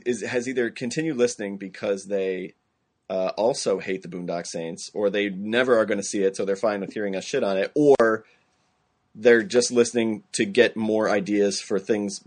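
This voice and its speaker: A man's voice: on the low side, steady tone, moderate pace, darkish tone, husky. A man co-hosting a casual movie podcast, giving dry, sarcastic critiques. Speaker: podcast co-host. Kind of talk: casual film chat.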